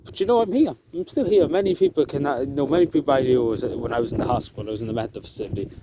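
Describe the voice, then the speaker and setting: Man vlogging outdoors, soft-spoken and emotional, hesitant delivery, steady background noise outside. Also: mid-range voice. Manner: halting, with many fillers and restarts. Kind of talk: emotional outdoor vlog talk. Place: outdoors in the countryside.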